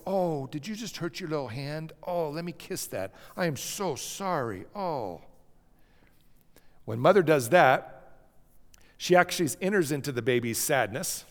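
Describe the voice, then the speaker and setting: A man giving a gentle slide lecture on how children learn to handle emotions, often checking in with "okay?" and softly acting out a comforting parent. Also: mid-range voice, long reverb tail. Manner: drops to a soft cooing voice when acting out a parent. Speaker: speaker teaching about emotions.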